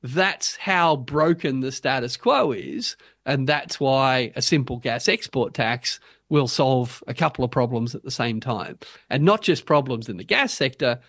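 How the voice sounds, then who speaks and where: A man with an Australian accent, speaking as an interview guest in an animated, emphatic way and building his point with punchy rhetorical lines. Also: mid-range voice, measured pace, no room sound, studio quality. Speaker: guest policy advocate. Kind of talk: interview, arguing for a policy.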